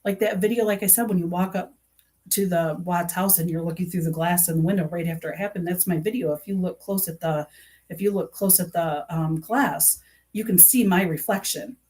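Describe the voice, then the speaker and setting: A middle-aged woman talks casually to camera for a true crime vlog, her fairly low voice brisk and a little mellow. She rambles earnestly with an aggrieved edge, full of fillers and restarts.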